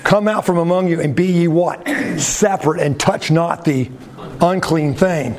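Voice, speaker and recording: A man preaching a sermon, emphatic and deliberate, asking rhetorical questions and letting his phrases fall at the end. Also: darkish tone. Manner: drops pitch sharply at the ends of phrases.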